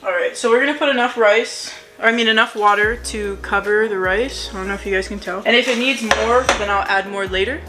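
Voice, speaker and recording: A woman's voice: mid-range voice, fairly even intonation, brisk, hardly any pauses, background noise. A young woman chatting in a playful, hyper way while cooking in her home kitchen for her vlog. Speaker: vlogger. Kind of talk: casual cook-with-me vlog. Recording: music playing underneath.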